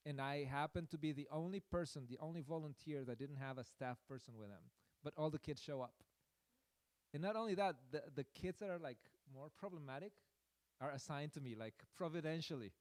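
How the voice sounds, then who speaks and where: A man's voice: a little high, darkish tone, clear, resonant tone, no room sound. A man preaching a sermon through a personal story, in a rambling, self-deprecating way with many fillers.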